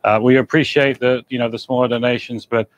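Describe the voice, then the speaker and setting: A man co-hosts a live stream and reads out donations. He speaks plainly and matter-of-factly, pausing on small fillers. His voice is at an ordinary middle pitch. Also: little pitch movement, dry recording. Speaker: co-host reading donations.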